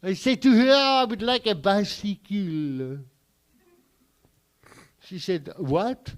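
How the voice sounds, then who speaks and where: A man voicing an aggrieved French man recalling his boyhood, with a put-on French accent and deadpan, indignant delivery in a standup bit. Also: sits high, slow, voice pushed up. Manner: indignant, deadpan storytelling with profane punchlines.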